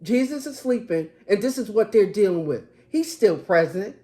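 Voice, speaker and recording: A woman's voice: mid-range voice, animated, normal speed, dark tone. A woman preacher giving a sermon, emphatic and restating her phrases.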